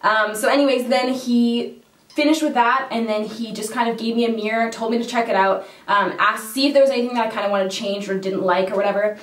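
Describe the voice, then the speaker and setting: Brief: woman vlogger, fairly high voice, foul-mouthed and theatrical, recorded from a bit away in a roomy space. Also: steady tone, fairly quick. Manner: swears freely, laughs often, dramatic retelling. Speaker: makeup vlogger. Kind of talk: casual storytelling to camera. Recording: roomy echo, mic at a distance.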